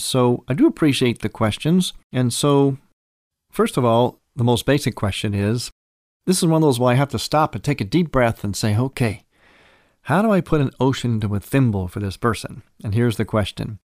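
Patient, explaining priest in a dry studio. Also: male voice, mid-range voice, darkish tone, no echo. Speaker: priest hosting a program. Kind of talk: teaching talk on a religious program.

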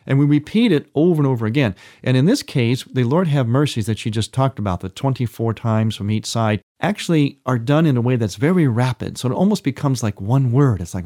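A man's voice: mid-range voice, lively intonation, fairly quick, few pauses, mellow, dry recording, clean studio sound. A man, a priest hosting a religious radio program, explaining liturgy in an earnest teaching manner with emphatic repetition. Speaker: priest and radio show host.

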